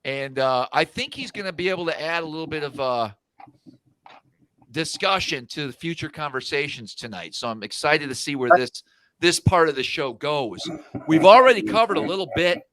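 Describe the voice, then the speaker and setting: A man's voice: fairly high pitch, lively intonation, normal speed, fairly bright tone. A man hosting a live online fishing show, chatting and teasing his guests in a casual, playful way. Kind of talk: casual joking chat.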